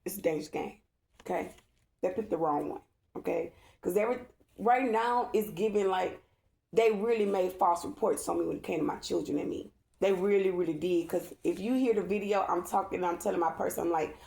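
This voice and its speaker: A woman's voice: medium pitch, a little fast, creaky, darkish tone. A woman tarot reader talking to her viewers in a casual vlog, emphatic and repetitive and checking in with "okay?". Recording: echoey room.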